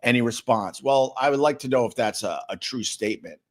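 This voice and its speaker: A man's voice: mid-range voice, a little fast. Rambling middle-aged male livestream host. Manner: rambling, repeats words, sarcastic. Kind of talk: casual chat reading viewer comments.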